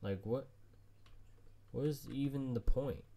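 A man's voice: mid-range voice, takes it slowly, dark tone. A man streaming a survival game solo, frustrated and swearing nonstop as he plays. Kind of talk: let's play commentary.

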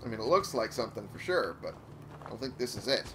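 Brief: male gameplay commentator, lively pitch, self-deprecating and swearing, steady noise behind. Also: quick pace.

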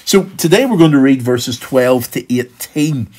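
A middle-aged male pastor gives a daily devotional at an even, mid-range pitch. He speaks earnestly and steadily, with the odd "uh" between phrases. Now and then he acts out a voice in the story he is reading. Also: a little slow. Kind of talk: devotional Bible reflection.

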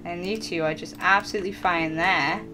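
A woman's voice: fairly low pitch, steady tone, fairly quick, over music. A woman voicing her character in casual Minecraft role-play, playful and often giggling between lines. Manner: giggly, playful, often laughing mid-sentence. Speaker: lead voice actor and player.

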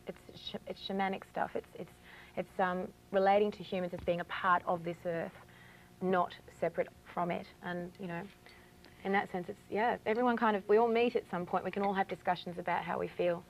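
A woman's voice: fairly low pitch, fairly even intonation, fairly quick, vocal fry, a little hiss or hum, rough recording. A woman with an Australian accent, a guest in a casual TV interview, explaining ritual objects in a chatty, eager way with many fillers.

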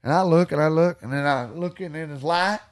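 A middle-aged man, a podcast guest telling stories in casual chat, energetic and swearing freely. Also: fairly high pitch, brisk.

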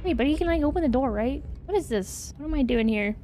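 A young woman streaming a game, chatting to herself with lively swings in pitch, swearing and shrieking in sudden bursts. Her voice sits fairly high, and steady noise runs under the recording. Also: fast. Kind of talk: casual gaming commentary.

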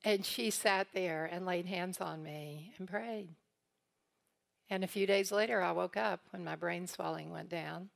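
This eastern Kentucky woman's creaky voice sits on the low side and keeps a measured pace. Guest teaching a church congregation, she tells family stories and plays out the people she quotes with laughter.

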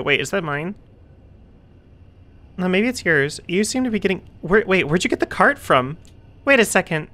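A woman's voice: lowish voice, very animated, normal speed, pauses often, fairly bright tone. Goofy woman playing a game on stream. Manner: goofy, chatty, talks to characters. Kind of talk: let's play commentary.

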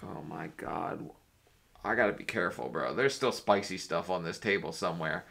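A man's voice: sits low, moderate pace, vocal fry, fairly bright tone. A man hosting a reaction video, riffing with crude, sarcastic jokes. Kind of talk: casual reaction commentary.

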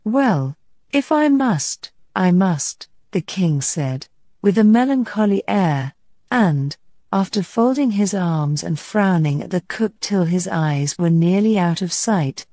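Woman, audiobook narrator, measured clear storybook reading, very slow, dark mellow voice, dry close sound. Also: fairly low pitch, animated, dry recording.

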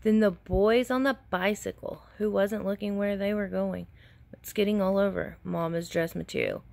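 A woman's voice: mid-range voice, steady tone, moderate pace, creaky, a little mellow, no echo. A woman teacher reading a picture book aloud to children and asking them questions between pages.

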